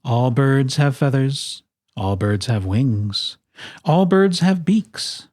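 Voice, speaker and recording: A storyteller reads a children's picture book aloud at an unhurried pace. The voice rises and falls in a lively way and puts playful emphasis on each item in a list. The sound is dry and close. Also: medium pitch, no room sound. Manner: expressive, playful emphasis on lists.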